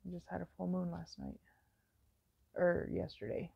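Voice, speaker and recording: A woman's voice: on the low side, wildly swooping pitch, measured pace, vocal fry, breathy edge, dry recording. A woman in her thirties telling her own story in a candid, meandering way, with lots of fillers. It comes through a dull, lo-fi recording. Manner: frank and meandering, with many fillers.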